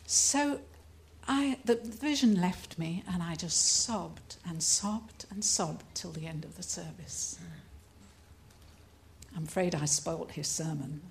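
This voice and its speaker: A woman's voice: on the low side, slow pace, slight background noise. An older woman from England telling her testimony at a conference, earnest and often laughing as she speaks. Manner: earnest storytelling, breaks into laughter. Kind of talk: testimony talk.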